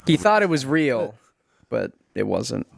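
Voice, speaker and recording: A man's voice: medium pitch, big pitch swings, a little slow, creaky, dry recording, studio quality. A young man co-hosting a casual podcast chat, joking and laughing often. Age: young adult. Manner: joking, laughs often, talks over others. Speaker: podcast co-host.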